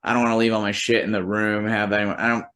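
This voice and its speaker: A man's voice: lowish voice, flat delivery, fast talker, a bit bright. A man, a musician and comedian, telling a long anecdote in casual, rambling speech full of fillers and swearing, quoting the people in it. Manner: profane, rambling, lots of "like" fillers; quotes people in rough imitation while storytelling.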